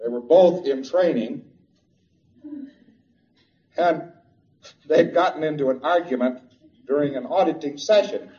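A man's voice: on the high side, a little slow, pauses often, mellow. A man giving a lecture in a chatty, humorous way, telling anecdotes, on a dull lo-fi recording.

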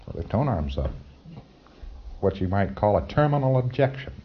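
Low-voiced man lecturing on dull tape. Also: sing-song, normal speed. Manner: wry, conversational, with chuckles and mock dialogue. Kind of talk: recorded training lecture.

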